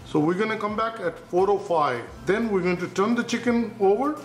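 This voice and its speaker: High-voiced man demonstrating a cooking recipe. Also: moderate pace. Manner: instructive, repeats cautions, narrates each step with times. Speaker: cooking channel host. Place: home kitchen. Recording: echoey room with faint noise.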